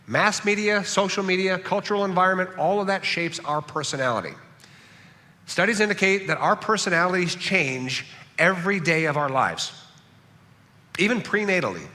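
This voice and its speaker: A pastor from Southern California delivers a conversational sermon in a high-pitched, sharp-toned voice, repeatedly punctuating it with "right?". He's in a church sanctuary, and the recording carries the long reverb of a church hall.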